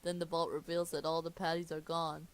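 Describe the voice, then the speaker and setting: A man's voice: fairly high pitch, completely flat delivery, a little fast. A young man reading a cartoon movie script aloud for laughs, often stumbling, restarting and commenting on the text. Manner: stumbling, amused, self-interrupting. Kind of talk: comedic script read-through.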